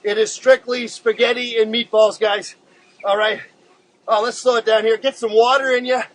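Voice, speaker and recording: A man hosting a casual live-streamed drawing show, chatting to viewers in a laid-back, rambling way with many halting filler words. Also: very high-pitched, level tone, a bit bright, poor audio.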